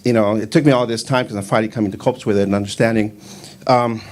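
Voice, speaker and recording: A man in his fifties doing a stand-up comedy set on a club stage, rambling in a deadpan way with lots of fillers. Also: lowish voice, fast talker, slight background noise. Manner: rambling, deadpan delivery with frequent fillers, breaks into shouted Spanish quotes.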